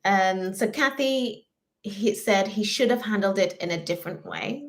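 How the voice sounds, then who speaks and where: A woman's voice: medium pitch, a little slow. Chatty British woman co-hosting a stream. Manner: chatty, reads out viewer comments. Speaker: livestream co-host. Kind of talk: casual live chat.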